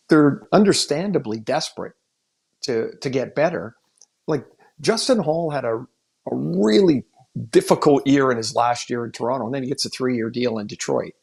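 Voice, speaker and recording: A man's voice: a little high, gravelly, darkish tone. A man co-hosting a hockey podcast, talking casually and candidly, thinking aloud with frequent restarts as he gives his analysis. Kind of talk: casual sports chat.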